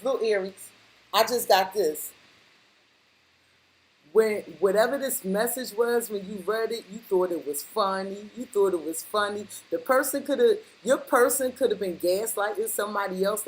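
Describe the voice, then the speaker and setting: A tarot reader with a mid-range, slightly mellow voice addresses the viewer directly, blunt and casual, leaning on slang and repeated lines for stress. The audio is poor.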